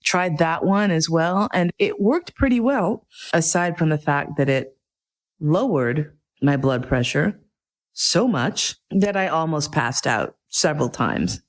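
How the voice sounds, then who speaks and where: A middle-aged woman telling a personal story in a casual, profane, comic way, jumping into loud quoted inner outbursts. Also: deep voice, expressive, slow pace.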